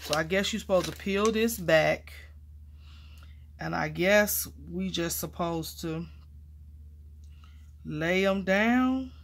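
A woman vlogging casually while mounting stamps, chatty and excitable, calling viewers y'all and honey, and dropping to quiet murmurs as she works. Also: on the low side, slow pace, creaky, pauses often. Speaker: crafting vlogger. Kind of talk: casual chat while crafting.

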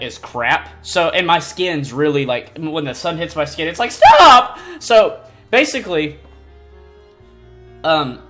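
A male gaming host chats his way through a game from his home setup. He jumps between low mumbles and high, excited squeals and keeps undercutting himself. Faint game music plays behind him. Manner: rambling and self-deprecating, with sudden excited squeals. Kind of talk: casual gameplay commentary. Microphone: desk mic, no face cam.

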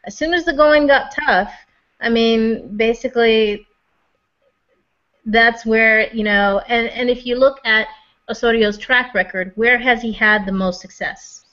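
A podcast co-host keeps the chat casual, her voice on the high side with a fairly bright tone and a measured pace. Her questions run long and wander, packed with fillers and fresh starts, and the lo-fi recording sounds dull.

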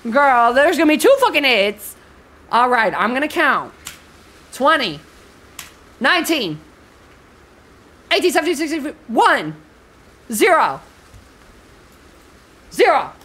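A young woman streaming a horror game, chatting with sassy, profane slang and reading the game's lines aloud, going from low mumbles to sudden shrieks. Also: big pitch swings, slow, pauses often, fairly bright tone. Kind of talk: casual live-stream commentary, reading game dialogue aloud.

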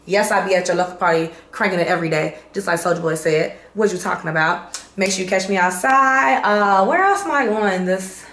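A woman's voice: mid-range voice, fairly quick, a bit bright. A woman from Chicago talking casually to her viewers in a slangy, chatty vlog update that gets hyped up. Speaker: vlogger. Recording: roomy echo, faint background hum.

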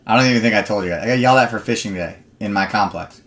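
A man's voice: fairly low pitch, racing, a bit bright. A young man hosting a live card break stream, chatting with viewers and rambling into stories between picks.

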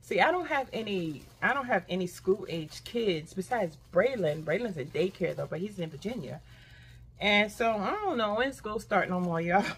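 A woman's voice: mid-range voice, expressive, moderate pace, fairly bright tone, slightly rough. An older woman casually chatting to her viewers about her shopping haul, talking straight to them and squealing with delight. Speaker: haul vlogger.

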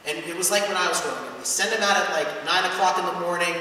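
A pastor in his thirties preaching a sermon, moving from relaxed storytelling to loud, fervent preaching. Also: high-pitched, fast, a little hiss or hum. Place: church sanctuary. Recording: echoey church hall from far off.

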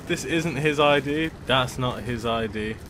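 A man, loudly commentating on a game with bursts of shouting and swearing. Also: mid-range voice, measured pace, noisy background. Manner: slangy, loud outbursts and swearing. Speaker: gaming video host. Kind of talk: excited gameplay commentary. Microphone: desktop USB microphone. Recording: game music playing under voice. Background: game music and sounds.

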